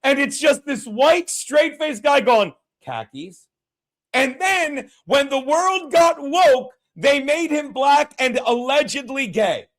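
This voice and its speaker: A man's voice: extremely high pitch, slow, few pauses, fairly bright tone. A man hosting a podcast, chatting casually and bluntly, rambling and swearing often. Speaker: podcast host. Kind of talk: casual, profane chat.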